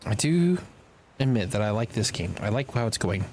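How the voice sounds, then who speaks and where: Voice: medium pitch, very animated, moderate pace, darkish tone, slight background noise. A live streamer talking through a game in casual commentary, rambling to themselves and breaking into sudden exasperated outbursts. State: throat slightly tickled.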